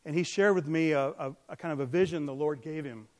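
A man preaching a sermon, earnest, swinging from loud emphatic peaks down to soft, quiet remarks. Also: a little high, fairly quick, long reverb tail. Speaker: pastor.

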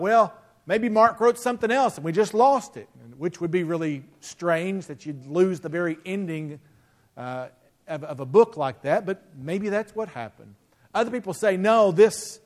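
A middle-aged male pastor preaching a sermon in a conversational way, with rhetorical questions and frequent restarts. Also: high-pitched.

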